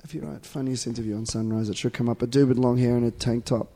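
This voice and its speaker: A man's voice: medium pitch, fairly even intonation, fast, creaky, warm tone. An Australian man chatting casually, rambling with lots of fillers and laughing while he explains things. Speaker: guest explaining clips. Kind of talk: casual chat.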